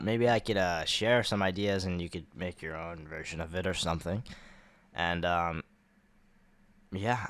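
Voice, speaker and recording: A man's voice: low-pitched, fairly bright tone. A man co-hosting a podcast in casual chat, playful, at times reading dramatic promo lines aloud. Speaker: podcast co-host.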